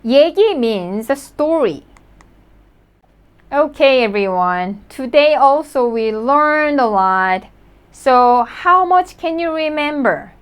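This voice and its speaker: A woman teaching a language lesson, her voice sitting a little high. She speaks patiently and repeats each word slowly for learners. She keeps a cheerful, encouraging tone. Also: expressive, clear, resonant tone.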